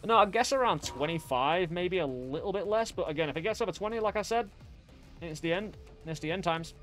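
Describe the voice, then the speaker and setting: A man's voice: sits high, lively intonation, fairly quick, a bit bright, faint music behind. A young English man rambling and joking at himself while chatting through a game stream. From England. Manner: rambling, self-deprecating, jokey. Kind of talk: casual gameplay chat.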